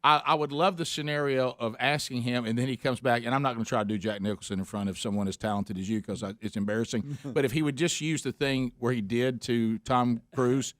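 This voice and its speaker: Talk-radio host man, mid-pitched, easygoing chatter, dry studio sound. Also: steady tone, fairly bright tone, no room sound. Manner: chatty, stumbling restarts, quick laughs. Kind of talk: casual talk radio chat.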